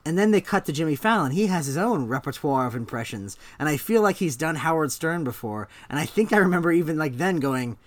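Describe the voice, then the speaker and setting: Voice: mid-range voice, animated, brisk, hardly any pauses. A podcast co-host chatting casually, rambling and laughing while reviewing a sketch. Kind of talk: casual comedy review chat.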